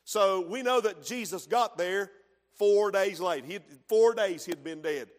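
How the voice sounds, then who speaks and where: A man preaching a sermon in church, swinging from hushed tones to shouting. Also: high voice, unhurried. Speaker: pastor.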